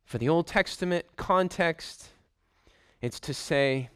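A man preaching a sermon, emphatic and deliberate, stressing points by repeating short phrases. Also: fairly high pitch, a bit bright, smooth, no echo, clean studio sound. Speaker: pastor.

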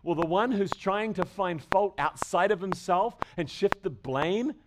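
A man's voice: high-pitched, lively intonation, measured pace. A man, a pastor, preaching an emphatic sermon to a congregation and asking it rhetorical questions. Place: church service before a congregation. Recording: loud background noise with clicks.

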